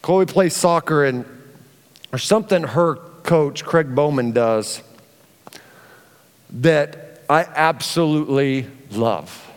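A middle-aged man preaching a sermon, telling a family story and acting out the dialogue in an animated way. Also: a little high, takes it slowly, long pauses, clear, resonant tone. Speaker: pastor. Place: church auditorium. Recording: long hall reverb.

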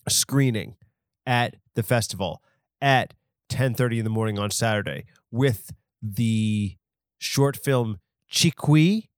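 A man's voice: medium pitch, clear, resonant tone, no room sound, clean studio sound. A man hosting his own podcast alone, rambling in a casual, crude, self-deprecating way with lots of fillers and restarts. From half Hispanic. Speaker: podcast host.

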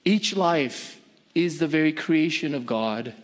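A man's voice: fairly high pitch, expressive, takes it slowly. A male pastor preaching a sermon emphatically, repeating phrases for stress and asking his listeners rhetorical questions.

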